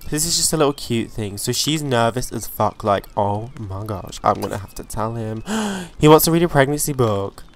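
A man hosting a let's play, giving chatty, excitable gameplay commentary and swearing freely. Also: mid-range voice, slight background noise.

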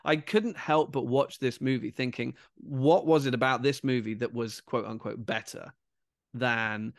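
A man co-hosting a casual film review show, talking in a relaxed conversational way with fillers. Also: mid-range voice, unhurried, vocal fry, no room sound, studio quality. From Britain. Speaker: podcast co-host.

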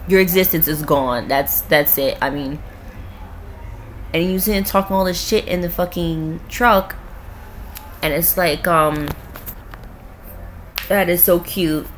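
A woman's voice: fairly low pitch, takes it slowly, long pauses, slight background noise. A young woman at home, ranting bluntly and profanely in a casual vlog. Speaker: vlogger. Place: at home with her cat.

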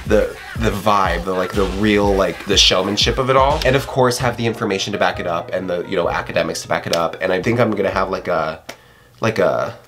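A man's voice: deep voice, a little fast. Rambling sarcastic young man. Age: young adult. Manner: rambling, sarcastic, self-mocking. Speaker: college student vlogger. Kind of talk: casual vlog to camera.

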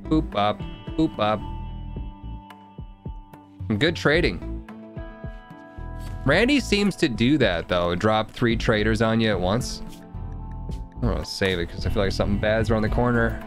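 Male streamer, lower voice, casual wisecracking commentary over faint game music. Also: lively intonation, normal speed, long pauses. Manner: joking, muttering to himself and the game.

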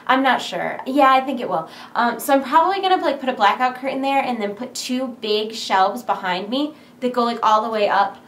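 A young woman vlogging casually from home, rambling with lots of "like", excited and nervous, recorded on her camera mic in a big empty room. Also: on the high side, brisk, hardly any pauses, reverberant, slight background noise. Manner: chatty, rambling, full of "like". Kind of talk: casual vlog chat. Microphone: camera's built-in mic.

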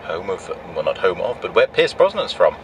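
A man's voice: sits low, wildly swooping pitch, moderate pace. A man, a truck driver, talking casually to camera in a vlog with dry, self-mocking humor, outdoors by his truck. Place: outdoors beside a truck at night. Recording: noisy outdoor camera audio. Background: vehicle and traffic noise.

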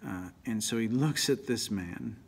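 A man, a priest, giving an animated, emphatic Bible teaching that often drops to a near whisper. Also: fairly low pitch, unhurried, creaky, a little hiss or hum.

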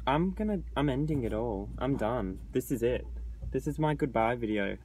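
A man rants through a casual vlog in a blunt, sarcastic way, swearing freely. His voice sits at an ordinary middle pitch, with a faint hiss of noise behind him. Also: animated, moderate pace, darkish tone, poor audio. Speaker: vlogger.

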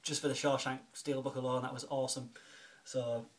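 A film-collecting video blogger chats at home in a mid-range voice, speaking a little fast with flat delivery. Grateful and talkative, he thanks a friend, filling his talk with ums and restarts.

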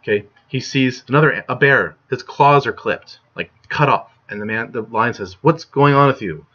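A man's voice: medium pitch, moderate pace, pushed and bright. Chatty young man lecturing from home. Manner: chatty, lots of "right?" and "like". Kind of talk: casual online lecture. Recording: muffled lo-fi recording.

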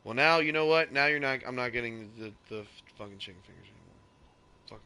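A man streaming a game and chatting casually, ranting loudly with profane jokes. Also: mid-range voice, quick pace, smooth. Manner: loud, ranting, profane joking. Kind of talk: casual gaming stream chat.

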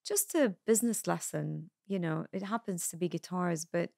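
Low-voiced woman interviewer, chatty. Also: moderate pace, creaky, a little mellow, dry recording, clean studio sound. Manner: chatty, prompting questions, encouraging backchannels. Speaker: podcast host, interviewer. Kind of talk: casual interview.

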